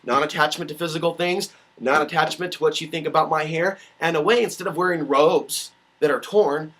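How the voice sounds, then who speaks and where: A man's voice: fairly high pitch, steady tone, fairly quick, fairly bright tone. A man ranting animatedly in a solo vlog, swearing often and mocking other people's voices, recorded on a webcam indoors. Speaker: vlogger. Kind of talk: rambling solo vlog rant.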